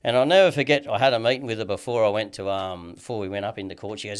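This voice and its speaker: A man's voice: lowish voice, very fast, smooth. An Australian man telling a long story in casual chat as a podcast guest, swearing heavily and rambling with lots of "you know what I mean".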